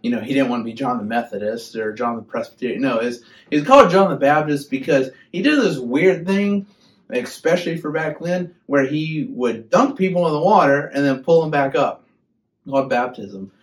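A young man giving a casual, humorous sermon as a youth pastor, chatty and animated. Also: medium pitch, normal speed.

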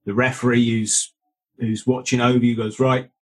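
A man's voice: medium pitch, little pitch movement, moderate pace, breathy edge. A man, a former Royal Marine, earnestly telling his story as an interview guest and often checking in with "right?" and "mate.". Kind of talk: conversational storytelling.

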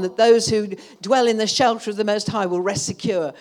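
A woman's voice: medium pitch, steady tone, normal speed, a little mellow. A woman preaching a sermon in church, building from conversational teaching into impassioned, fervent calls. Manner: impassioned, rising to fervent outbursts.

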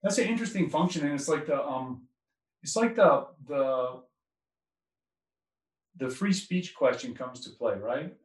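A man's voice: mid-range voice, animated, a little slow, long pauses, recorded from a distance. A man, a doctor, talking politics in a rambling way with many restarts. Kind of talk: casual political conversation. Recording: echoey, off-mic.

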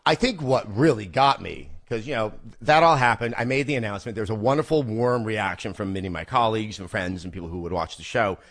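A man in his forties talking as a podcast guest in casual chat, an animated storyteller who stammers and repeats words. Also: lowish voice, fast, hardly any pauses.

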